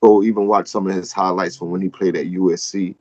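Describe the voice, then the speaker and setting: A man's voice: low-pitched, little pitch movement, brisk, darkish tone, no room sound, muffled recording. A man co-hosting a casual podcast, talking loosely with lots of fillers. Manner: loose and conversational, many "um"s and "man"s. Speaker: podcast co-host.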